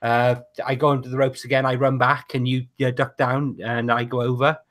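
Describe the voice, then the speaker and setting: A man playing a tabletop wrestling game, talking through his moves haltingly over a video call. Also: medium pitch, level tone, fairly bright tone. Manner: halting, many fillers. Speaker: player.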